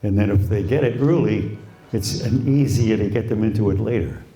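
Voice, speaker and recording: An older man with a Boston accent, a veteran radio broadcaster, telling stories about his career in a relaxed way to a live audience. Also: on the low side, normal speed, roomy sound. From Quincy, Massachusetts. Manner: relaxed anecdotal storytelling, imitates voices. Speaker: retired radio broadcaster, guest. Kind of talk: storytelling at a live talk.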